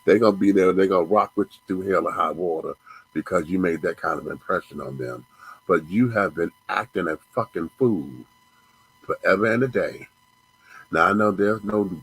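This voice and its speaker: A male show host with a deep, husky, slightly bright voice rants angrily, swearing and repeating himself in ranting commentary. The recording is rough.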